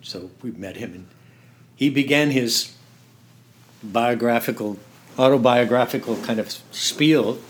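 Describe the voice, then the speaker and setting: An older man telling stories in an interview, halting and laughing, dropping to a hush when he quotes someone. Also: medium pitch, a little hiss or hum. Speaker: interview guest. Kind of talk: storytelling in conversation.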